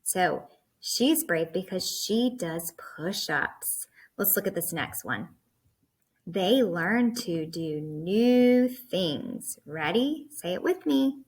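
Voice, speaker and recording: Slow, patient woman teaching young kids. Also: fairly low pitch, expressive, husky. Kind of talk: classroom lesson for young children.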